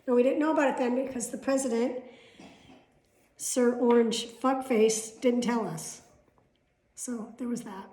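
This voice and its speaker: A woman's voice: a little high, normal speed, mellow, reverberant. A middle-aged woman vlogging in casual chat, telling stories bluntly with sarcasm and swearing. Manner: blunt, profane and sarcastic storytelling. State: has bronchitis.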